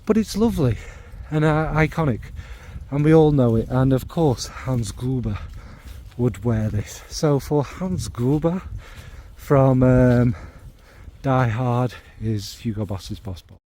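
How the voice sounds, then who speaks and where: A man's voice: mid-range voice, takes it slowly, dark tone, a little hiss or hum. A man chatting casually about fragrances to his viewers, rambling and tossing in lots of fillers and tag questions. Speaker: fragrance reviewer. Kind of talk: casual chat to camera.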